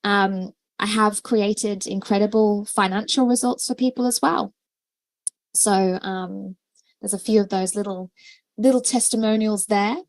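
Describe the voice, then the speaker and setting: A woman's voice: medium pitch, steady tone, measured pace, no echo. A woman hosting a livestream as a coach, talking casually with many fillers and restarts. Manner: chatty, many fillers and restarts, laughs often.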